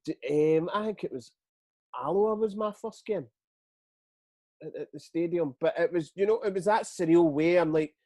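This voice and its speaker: Recorded dry, a middle-aged former footballer from Scotland tells stories from his career in an informal interview, peppering them with profanity and impressions of what others said. His Scottish voice is slightly high with a dark tone, and he speaks at a normal speed.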